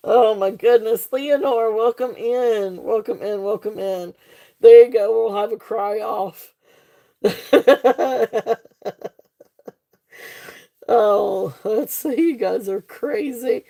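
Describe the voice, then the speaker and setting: A woman's voice: a little high, dark tone. A woman hosting a casual live jewelry sale, chatty and laughing often, with many fillers and restarts. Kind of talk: casual live-stream sales chat.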